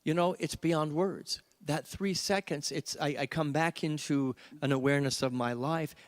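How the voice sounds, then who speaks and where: A man serving as minister, leading a group meditation discussion in a reflective way, slowing down and stretching key words. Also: on the high side, fairly even intonation. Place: church gathering with a live group. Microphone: handheld microphone.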